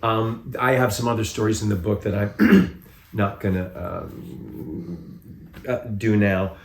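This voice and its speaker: Man with a low voice, roomy echo. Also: slow. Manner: relaxed storytelling with hesitant restarts. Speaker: podcast host. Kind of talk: casual chat.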